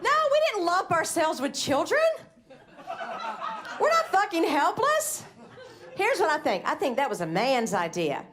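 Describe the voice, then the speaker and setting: A woman's voice: high voice, big pitch swings, a little slow, pauses often, a bit bright. A woman with a Southern accent performing a brash, profane stand-up set at a comedy club. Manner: brash, profane, mocking quoted voices. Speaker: stand-up comic. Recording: live club with audience laughter.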